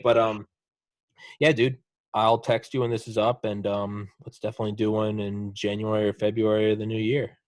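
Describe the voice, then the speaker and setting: A man's voice: fairly low pitch, moderate pace, no echo. A man hosting a podcast in casual chat, riffing sarcastically with a lot of swearing. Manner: animated, swearing, sarcastic riffs. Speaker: podcast host.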